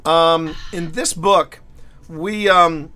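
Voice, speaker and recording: Animated high-voiced man chatting on stream. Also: very slow. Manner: animated storyteller, stumbles and repeats words. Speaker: co-host of a writing stream. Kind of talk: casual live-stream chat.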